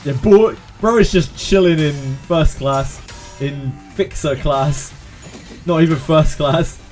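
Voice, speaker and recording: A man's voice: fairly high pitch, takes it slowly, darkish tone, faint music behind. A man with a West Country English accent chatting casually and joking as he streams a game, laughing often. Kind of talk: casual live-stream commentary.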